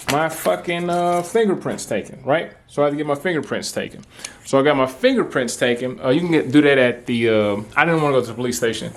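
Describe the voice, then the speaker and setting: A man's voice: medium pitch, slight background noise. Profane, rambling man from Texas. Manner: profane, rambling, with many fillers. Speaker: vlogger. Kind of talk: casual storytelling to camera. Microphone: camera mic, talking to camera.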